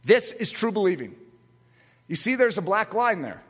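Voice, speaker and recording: A man preaching an impassioned sermon, emphatic, with rhetorical questions and sudden loud outbursts, in a large hall. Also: high voice, sing-song, moderate pace, breathy edge. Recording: echoey hall with long reverb.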